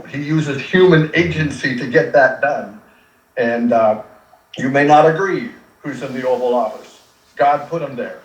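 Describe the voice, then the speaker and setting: An older man who is a radio personality, telling stories in an animated, emotional, earnest way during an interview. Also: fairly high pitch. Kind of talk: conversational interview, storytelling. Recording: echoey room, distant from mic.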